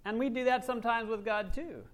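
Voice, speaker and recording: A male pastor with a notably high-pitched voice delivers a sermon. He talks animatedly, swinging between loud, emphatic lines and hushed, near-whispered asides. He slips into quoted voices to make his points. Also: brisk.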